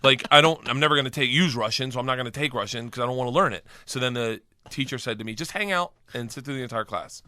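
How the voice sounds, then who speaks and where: A man with a fast, very bright, somewhat high voice, spinning a story in casual radio chat. He acts out the people in it as he goes. The studio sound is dry and close. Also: no echo. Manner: animated storytelling, acting out voices and laughing. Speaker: guest storyteller.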